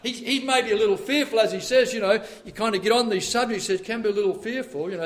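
A man's voice: high-pitched, quick pace. A male preacher delivering a sermon, reading quotes aloud and asking the congregation to answer back. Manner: reads quotes aloud with emphatic swings in volume; asks the congregation for responses.

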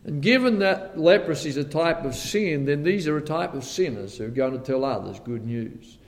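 A man preaching a sermon, retelling a Bible story with lively storytelling and acting out the characters' lines. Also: fairly high pitch, moderate pace. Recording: long reverb of a large hall.

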